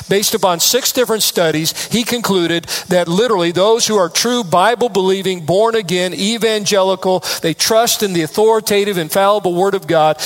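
A man's voice: high-pitched, a bit bright. A man preaching a sermon from the United States, earnest and emphatic, stressing key phrases through repetition. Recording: long hall reverb.

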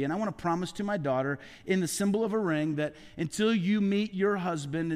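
A man in his forties preaching a heartfelt sermon, often dropping to soft, hushed tones for emphasis. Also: high-pitched, big-room sound. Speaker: pastor. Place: church sanctuary.

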